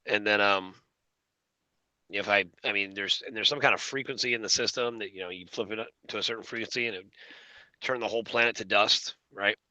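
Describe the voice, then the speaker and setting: A man with a fairly low, very bright and forceful voice rambles through a casual conversation, full of fillers and restarts. The sound is dry and close. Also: steady tone, fairly quick, dry recording, poor audio. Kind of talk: casual conspiracy talk.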